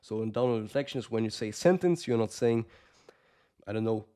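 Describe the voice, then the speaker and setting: A man's voice: lowish voice, expressive, fairly quick, mellow, clear, resonant tone. A man giving casual, blunt coaching advice to the camera, swearing often and calling the listener brother. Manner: acts out quoted lines of fighters. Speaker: combat sports coach.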